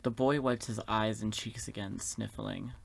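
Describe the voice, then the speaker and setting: Man hosting a game playthrough: very low voice, reads the story aloud with sassy, campy asides. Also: steady tone, normal speed, creaky. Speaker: gaming video host. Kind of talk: reading a visual novel aloud with commentary.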